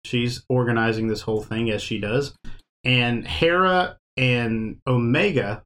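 A man's voice: medium pitch, unhurried, a bit bright. A man hosting a casual podcast chat, talking in a loose, rambling way and laughing often. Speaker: podcast host.

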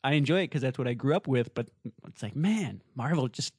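A man's voice: mid-range voice, fairly quick, husky, no room sound. Chatty man reviewing a movie, dry sound. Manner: animated, fond of playful voices and asides. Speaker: podcast co-host. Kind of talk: casual movie review chat.

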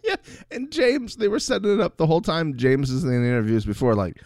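A man co-hosting a casual recap podcast, animated and quick to mimic voices. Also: a little high, no echo, studio quality. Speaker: podcast co-host.

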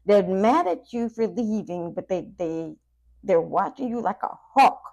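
A woman's voice: medium pitch, a little slow, gravelly, dull audio. Profane, chatty woman reading tarot. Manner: profane, chatty, animated asides. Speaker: tarot reader. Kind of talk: casual tarot reading for viewers.

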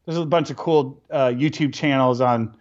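A middle-aged man telling stories casually as an interview guest, animated and acting out bits of dialogue with laughs. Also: mid-range voice, moderate pace. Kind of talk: casual storytelling. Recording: dull lo-fi recording.

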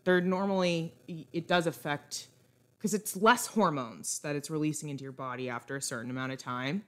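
A woman's voice: deep voice, a little fast, a bit bright. A young woman co-hosting a podcast, chatting casually and ranting bluntly about celebrity gossip. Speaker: podcast co-host. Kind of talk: casual chat.

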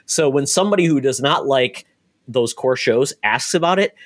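A man's voice: medium pitch, animated, moderate pace. A man co-hosting a casual podcast chat, explaining things in a knowledgeable, wry way. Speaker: podcast co-host.

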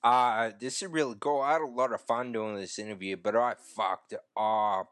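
A man hosting a podcast, rambling through an unedited casual monologue with a croaky throat, swearing freely and breaking off mid-thought. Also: medium pitch, fairly even intonation, moderate pace, a bit bright, dry recording, clean studio sound. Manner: rambling, profane, self-interrupting. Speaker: podcast host.

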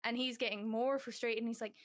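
A woman's voice: on the high side, steady tone, fast. A young woman guest on a podcast, speaking candidly and at length in a rambling, casual way, full of "like" fillers. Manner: acts out quoted dialogue.

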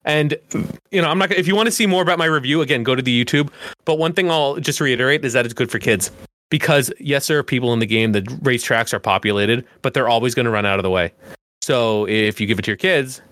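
A man's voice: medium pitch, fast, a bit bright, no echo. A man co-hosting a casual podcast, rambling with lots of fillers and laughing easily. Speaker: podcast co-host.

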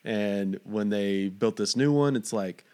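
A man's voice: fairly low pitch, slow pace, a little mellow, smooth. A man from Fort Stockton hosting an interview, rambling and stumbling over his words. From Fort Stockton, Texas. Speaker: interviewer host. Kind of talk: casual interview.

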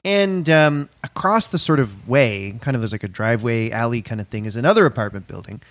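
A man's voice: medium pitch, brisk, dry recording. A young man casually telling a comic story as a podcast co-host, swearing and acting out quotes. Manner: animated, swearing, acts out quotes in a raised voice.

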